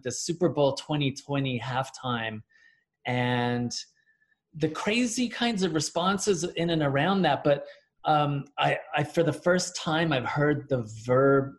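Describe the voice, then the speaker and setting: Male host, casual interviewer, mid-pitch, hesitant restarts. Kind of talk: interview questions.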